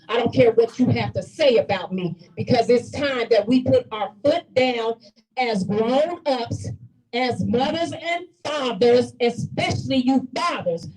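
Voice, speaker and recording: A woman speaking at a community meeting as an activist, in a fervent, repetitive public speech that breaks into shouting. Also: fairly high pitch, distant mic, low-quality recording.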